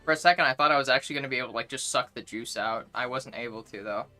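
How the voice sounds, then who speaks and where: Young woman streamer, bright crisp voice, casual crude banter, faint music behind. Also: very deep voice, very fast. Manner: chatty, greets viewers one by one, jokey and crude. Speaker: livestreamer. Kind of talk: casual live-stream chat.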